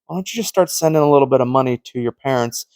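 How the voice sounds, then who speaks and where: A man's voice: mid-range voice, lively intonation, rapid-fire, a little mellow, dry recording. A man giving an informal, earnest preaching monologue, telling stories and acting out the conversations he quotes. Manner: storytelling that acts out quoted conversations. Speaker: Christian teacher.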